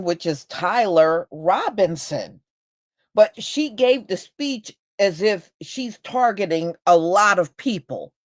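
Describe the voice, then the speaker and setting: A woman hosting a livestream, greeting chat viewers by name and commenting in a measured, skeptical way. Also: on the low side, dry recording, clean studio sound. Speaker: host.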